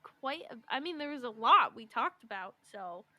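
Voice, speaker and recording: A young woman co-hosting a podcast, talking earnestly and haltingly with many fillers. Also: a little high, very animated, bright, forceful tone, no echo. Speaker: podcast co-host. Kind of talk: casual chat.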